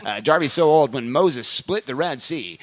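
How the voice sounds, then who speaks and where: A man's voice: fairly high pitch, lively intonation, normal speed. A man hosting a casual podcast who reads listener jokes aloud in a playful way and laughs often between lines. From United States. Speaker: podcast host.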